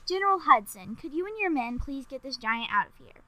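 A woman voicing a commanding young queen in a children's story, with loud, high cries. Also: very animated, fairly quick, no room sound, heavily acted, low-quality recording. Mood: stately.

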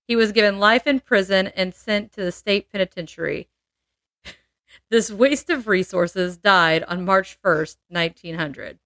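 A woman's voice: medium pitch, a little slow, fairly bright tone, no room sound. Woman telling a true-crime story, dry mic. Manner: laughs often, playful asides. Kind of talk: casual storytelling chat.

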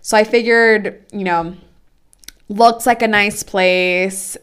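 A woman's voice: mid-range voice, steady tone, slow pace, a bit bright, clear, resonant tone. A young adult woman chatting casually as a podcast co-host, telling a story with lots of fillers. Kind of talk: casual chat.

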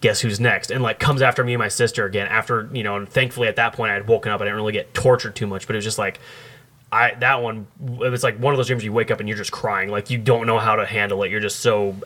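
A man's voice: on the low side, fairly even intonation, fast talker, bright, forceful tone. A man hosting a casual podcast chat, rambling and heavy on fillers as he tells a long story. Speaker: podcast host.

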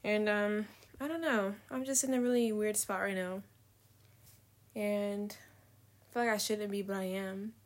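A woman's voice: medium pitch, steady tone, unhurried, pauses often. A young woman venting in a casual confessional vlog, candid, slangy and profane, trailing off mid-thought and laughing often. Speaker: vlogger.

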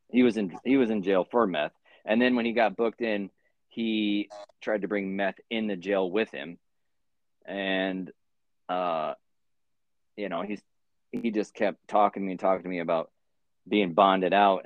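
Low-voiced man rambling a story. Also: no echo. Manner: rambling, profane, many fillers. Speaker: podcast host. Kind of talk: casual storytelling chat. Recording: dull lo-fi sound.

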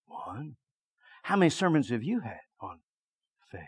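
A middle-aged male preacher telling a story in a sermon, dropping to a hush and then shouting. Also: medium pitch, unhurried, husky. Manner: lively storytelling that swings from hushed to shouting.

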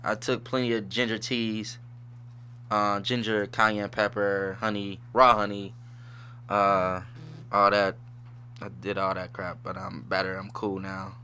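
Bright-voiced laid-back man hosting a podcast. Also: fairly low pitch, flat delivery, unhurried, faint music behind. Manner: laid-back slangy rambling, laughs often. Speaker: podcast host. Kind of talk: casual solo podcast chat.

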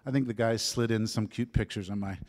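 A man in his fifties telling his conversion story as a sermon testimony, shifting from lively storytelling to soft, hushed moments. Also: fairly low pitch, brisk. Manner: storytelling, drops to soft whispers at emotional moments. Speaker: preacher giving a testimony. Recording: long hall reverb.

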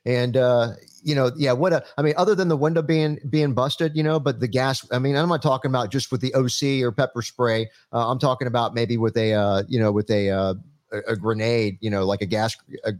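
A man hosting a live panel chat, friendly and halting, often repeating words as he gathers his thoughts. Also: medium pitch, steady tone. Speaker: host.

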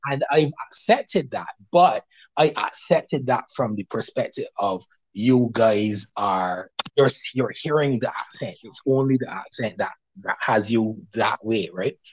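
A man with a Barbadian accent, hosting a podcast and telling stories in a casual, animated chat with frequent restarts. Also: mid-range voice, husky. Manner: animated storyteller, quick to laugh, many restarts. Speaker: podcast host.

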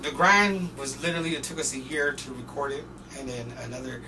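A young man from North Portland, Oregon, guesting on a podcast and telling profane, animated stories full of acted-out quotes. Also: medium pitch, a little fast. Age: young adult. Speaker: guest rapper. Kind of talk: casual storytelling interview. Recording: distant mic with noisy background.

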